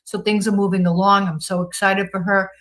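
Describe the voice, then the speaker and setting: A woman's voice: mid-range voice, flat delivery, a little fast, a bit bright, low-quality recording. Woman, Boston accent, livestream host, casual chat, reads comments aloud, upbeat and gushing. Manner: reads viewer comments aloud and responds chattily.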